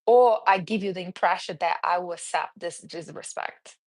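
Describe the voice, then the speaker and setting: A self-esteem coach hosting a live stream, a Portuguese-speaking woman with a Brazilian accent, talks casually and earnestly, reading names from the live chat and answering viewers. Her voice sits mid-range and jumps high when she gets lively, at a normal speed. The sound is close and completely dry, with no room sound.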